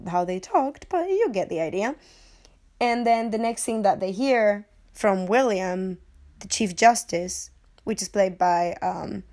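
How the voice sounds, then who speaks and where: A woman's voice: mid-range voice, a little mellow. A young woman casually reviewing a film, chatty and digressive, with playful swearing, and sounding sick and short of breath. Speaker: movie reviewer.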